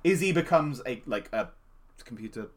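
A podcast co-host in casual chat, rambling and lively, with lots of fillers. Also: mid-range voice, normal speed, a loud crowd.

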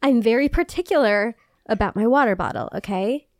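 A woman co-hosting a podcast in casual chat, animated, laughing often and swearing freely. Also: a little high, a little fast, no room sound, clean studio sound. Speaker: podcast co-host.

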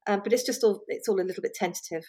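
A chatty woman speaks as an interview guest. Her voice sits at an ordinary middle pitch. She laughs often and trips over her own restarts. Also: very fast, warm tone, slightly rough. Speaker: magazine editor, guest. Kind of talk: conversational interview.

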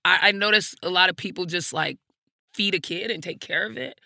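A woman's voice: on the low side, brisk, gravelly, bright, forceful tone, dry recording, studio quality. A woman, a guest comedian, speaking frankly and reflectively in an interview, with plenty of "like" and "you know" and casual swearing. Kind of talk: candid personal storytelling in an interview.

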